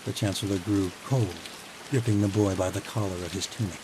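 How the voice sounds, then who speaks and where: A man with a fairly low voice reads a fantasy audiobook calmly and evenly. Steady rain is clearly audible behind his narration. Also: brisk, noisy background.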